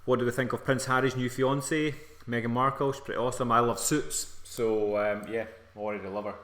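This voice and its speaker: A Scottish man chats loosely on a live stream, laughing between lines and reading out viewer questions. His voice sits at a middle pitch and rings in a roomy, echoey space. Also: level tone, brisk, fairly bright tone. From Scotland. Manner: jokey, laughs often, reads viewer comments aloud. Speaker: fitness coach co-host. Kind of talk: casual live-stream chat. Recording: roomy echo.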